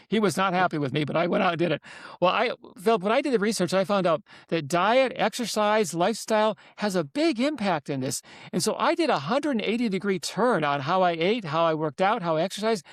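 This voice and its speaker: A man in his seventies, a guest author telling stories in an interview, animated and emphatic, often repeating himself. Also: high voice, brisk, dry recording, studio quality. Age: 70s. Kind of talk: interview storytelling.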